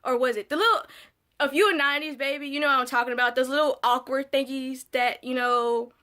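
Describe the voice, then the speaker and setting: A young woman tells a story from her school days in a casual, candid vlog style. Her voice sits high and sounds bright and lively. She swears freely and acts out the moments as she goes. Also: fairly quick. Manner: candid, swearing, animated re-enactments. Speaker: vlogger.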